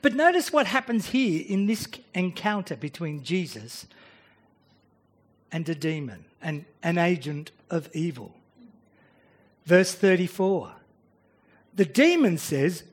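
A man's voice: high voice, big pitch swings, unhurried. A man preaching a sermon, working through a Bible passage and often restarting his phrases as he acts out the voices he quotes.

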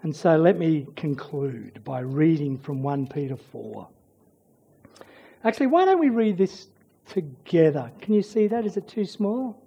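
A preacher giving a sermon, swinging between loud urging and hushed near-whispers. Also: mid-range voice, very animated, measured pace, creaky, slightly rough, highs cut off.

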